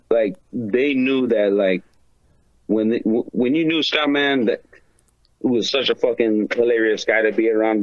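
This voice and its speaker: A man's voice: medium pitch, no room sound, dull audio. A man who is a guest on a podcast, telling stories in casual chat, full of slang, swearing and fillers. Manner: profane slang-heavy storytelling, many fillers.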